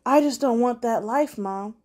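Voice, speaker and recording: A woman's voice: fairly high pitch, unhurried, natural voice. A woman voicing a stubborn young man who pushes back against his family. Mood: resigned. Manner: defiant, shouting.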